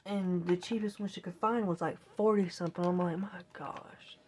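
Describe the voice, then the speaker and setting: A woman's voice: fairly low pitch, fairly even intonation, fairly quick, darkish tone, slight background noise. A woman telling a long casual story, rambling and exasperated, quoting her own reactions. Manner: rambling, exasperated retelling with quoted self-talk. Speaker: vlogger. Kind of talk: casual storytelling while gaming.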